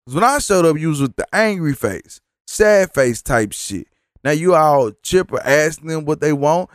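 A man hosting a podcast, telling a profane, animated story while sick and tired, mocking the people he quotes. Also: on the high side, moderate pace, no echo, clean studio sound. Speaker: podcast host. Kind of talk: casual storytelling monologue.

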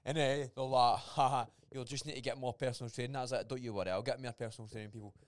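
A young man with a Scottish accent, co-hosting a podcast in an animated, sweary way. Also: medium pitch, fast, dry recording, studio quality. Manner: animated, sweary, repeats words. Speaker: podcast co-host. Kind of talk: casual chat.

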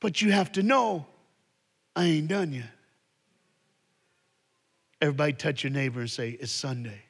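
A man preaching as a guest speaker, telling a story dramatically and dropping soft for the sad parts. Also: fairly high pitch, lively intonation, moderate pace, creaky, husky. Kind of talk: storytelling sermon. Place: large church hall. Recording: long hall reverb.

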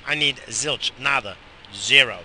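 Foul-mouthed man rambling with a bright voice. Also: mid-range voice, unhurried, a little hiss or hum, poor audio. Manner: profane, rambling, self-mocking. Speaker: vlogger. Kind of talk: rambling casual monologue.

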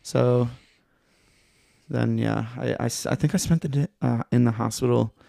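A man's voice: mid-range voice, fairly even intonation, normal speed, vocal fry, mellow, no echo, studio quality. A young man from Michigan, a podcast guest telling a story in a laid-back, rambling way, swearing a lot. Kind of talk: casual chat.

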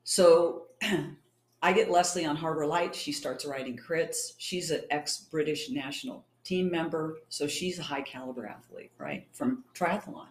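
In a low voice, a little slow, a middle-aged woman from California chats through a casual interview. A champion cyclist and triathlete, she tells stories and acts out the dialogue in them, with a roomy echo around her.

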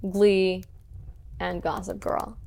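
A woman's voice: mid-range voice, little pitch movement, takes it slowly, gravelly, darkish tone. A young woman co-hosting a podcast in casual chat, laughing often and swearing offhandedly. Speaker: podcast co-host.

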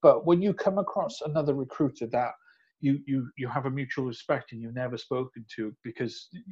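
A man's voice: medium pitch, a little fast, darkish tone, breathy edge, muffled recording. A Welsh man hosting a casual podcast, rambling and enthusiastic, often restarting his sentences. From Wales. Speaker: podcast host, recruiter.

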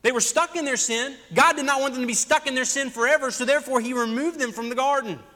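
Talking fast in a very high, pushed and bright voice, a man preaches as senior pastor and keeps asking his congregation rhetorical questions. The church sanctuary lends the audio a long hall reverb.

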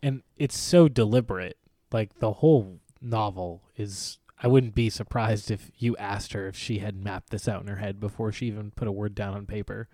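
A man's voice: fairly low pitch, fairly even intonation, normal speed, dark tone, dry recording, studio quality. A man talking casually about a novel, eager, with hesitant restarts. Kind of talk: casual book club discussion.

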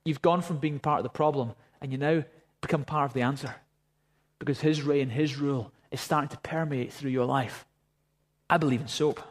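A man preaching a sermon, telling a story and then praying fervently. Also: medium pitch. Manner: storytelling, rising to fervent prayer. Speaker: pastor.

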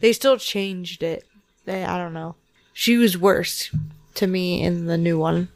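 A woman's voice: fairly low pitch, fairly even intonation, measured pace, no room sound. Blunt opinionated woman, dry close mic. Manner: blunt, opinionated, short replies. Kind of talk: casual chat.

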